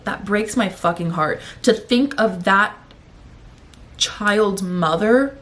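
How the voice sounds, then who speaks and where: A woman's voice: mid-range voice, takes it slowly, a bit bright. Breathless young woman ranting with a sore throat. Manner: rambling, profane, emotional. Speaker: vlogger. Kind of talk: casual chat to camera.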